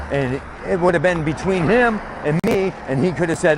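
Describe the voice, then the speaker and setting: Fairly high-pitched and lively in intonation, this man speaks at a moderate pace with few pauses as he vlogs outdoors beside a street with passing vehicles. He chats casually while walking, rambling and cursing through a long grievance story; a little hiss or hum is audible.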